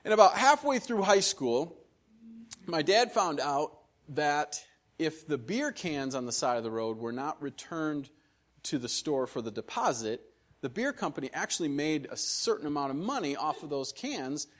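A Midwestern man gives a sermon as a visiting missionary, his voice sitting a little high for a man. He talks in a folksy, conversational, self-deprecating way, as if chatting with friends from the pulpit of a church. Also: sing-song, normal speed. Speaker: missionary preacher. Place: church sanctuary.

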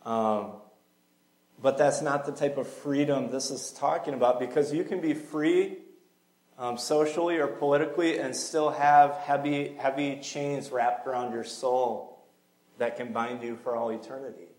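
A man's voice: mid-range voice, steady tone, a little slow, a little mellow. Earnest man preaching in an echoey sanctuary. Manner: earnest, conversational with fillers and small laughs. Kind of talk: sermon. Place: church sanctuary.

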